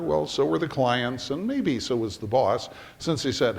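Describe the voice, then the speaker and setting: A middle-aged man preaching a sermon as a pastor, telling a story in an animated way and acting out the scenes. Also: mid-range voice, normal speed, creaky, few pauses. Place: church sanctuary. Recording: reverberant church hall.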